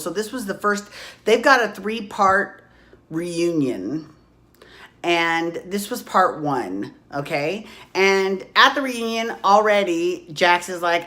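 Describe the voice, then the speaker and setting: A woman in her forties recapping reality TV in a gossipy, profane, excitable way, recorded on a phone at home. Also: medium pitch. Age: 40s. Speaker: podcast host. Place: hot room at home.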